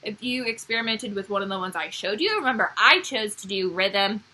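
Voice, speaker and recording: A woman's voice: medium pitch, expressive, fairly quick, bright, forceful tone, rough recording. A woman music teacher giving a recorded online lesson to young children, upbeat and explaining step by step.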